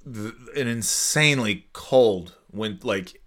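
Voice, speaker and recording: A man's voice: fairly low pitch, expressive, slow, fairly bright tone. A man in his forties chatting casually and alone as a podcast host, rambling and sarcastic, slipping into silly voices. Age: 40s. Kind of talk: casual solo chat.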